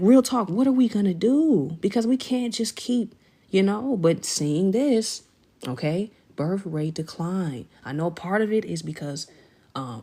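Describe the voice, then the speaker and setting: A woman hosting a casual livestream, chatting with viewers, thanking and shouting them out by name in an effusive, slangy way. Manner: jumps to high excited pitch when celebrating. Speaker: livestream host.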